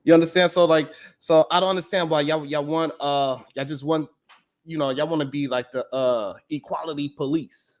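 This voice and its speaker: Blunt, profane New man, fairly high voice. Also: fairly even intonation, normal speed. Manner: blunt, profane, emphatic street talk; repeats "you know what I'm saying" often. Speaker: live-stream show host. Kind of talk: casual monologue to a live audience.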